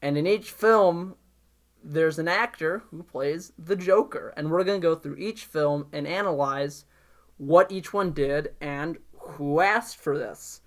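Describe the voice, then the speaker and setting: A man hosting a casual pop culture podcast, talking in a jokey, animated way. He riffs quickly off his co-host's remarks and keeps the chat moving. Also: fairly high pitch. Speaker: podcast host.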